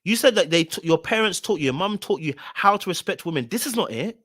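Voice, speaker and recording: Male reaction host, a little high-pitched, dry close sound, blunt and repetitive commentary. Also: animated, quick pace, a bit bright, no echo. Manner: emphatic, blunt and repetitive, hammering points home. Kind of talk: reaction commentary on a reality show.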